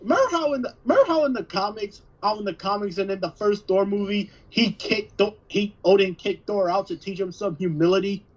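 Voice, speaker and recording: A man's voice: high-pitched, a little fast, few pauses. A man co-hosting a podcast, telling stories casually with frequent restarts. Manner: storytelling with repeated restarts. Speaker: podcast co-host. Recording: dull lo-fi sound.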